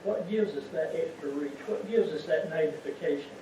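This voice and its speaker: A man with a high voice preaches a folksy sermon, asking the congregation one rhetorical question after another. He sounds distant and muffled. A long, heavy echo fills the church around him. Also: normal speed, noisy background. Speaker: lay preacher. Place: church sanctuary.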